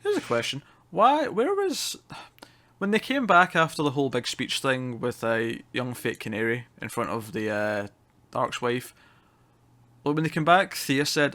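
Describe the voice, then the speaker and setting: An animated man co-hosting a laid-back TV review. He talks with plenty of energy and casual swearing. He laughs often at what he describes. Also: mid-range voice, unhurried. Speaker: co-host.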